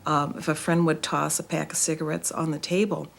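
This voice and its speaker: A woman's voice: deep voice, level tone, a little fast, gravelly. A woman and former smoker, talking thoughtfully in a documentary interview.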